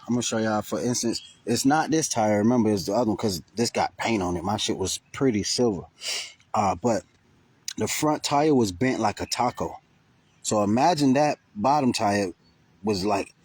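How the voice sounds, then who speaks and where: A man's voice: on the low side, breathy edge. A man casually telling a rambling, profane story to camera with lots of restarts and fillers. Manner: rambling, profane, animated retelling with many restarts. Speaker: vlogger. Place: near Burlington, Vermont.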